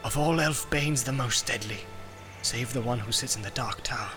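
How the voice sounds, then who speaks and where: A man reading an audiobook, voicing a fair male elf warrior who speaks calmly and with measure. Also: medium pitch, moderate pace, over music, natural voice.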